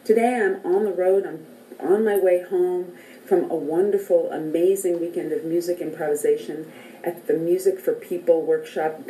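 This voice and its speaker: A woman teaching a casual singing lesson beside a piano, speaking and singing scale notes in her low morning voice. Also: mellow, reverberant, a little hiss or hum, rough recording. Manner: friendly, counts and sings scale notes. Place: relative's house, near a piano.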